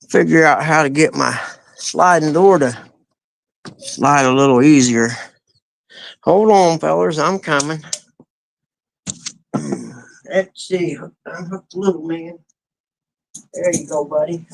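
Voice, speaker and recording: A man's voice: fairly high pitch, unhurried, creaky, long pauses, no echo. A man talking casually to his dogs in a rambling, folksy way during a live stream, in his backyard and doorway at sunrise. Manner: folksy with country grammar. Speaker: vlogger.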